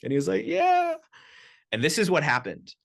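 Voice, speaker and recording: A man telling lively personal anecdotes as a podcast guest, talking casually with lots of "you know" and "like". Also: medium pitch, racing. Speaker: podcast guest, sound healer. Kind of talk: casual storytelling. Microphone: studio podcast mic.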